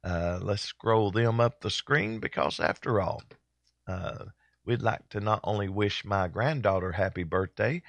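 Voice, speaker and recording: An older man with a drawl hosts a homespun church broadcast, his voice sitting very low. He rambles along easily, stopping often on fillers and restarts. The sound is dry and close, with no room around it. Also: vocal fry, fairly bright tone, no echo, dull audio. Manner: folksy, rambling with many pauses and fillers. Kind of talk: casual chat.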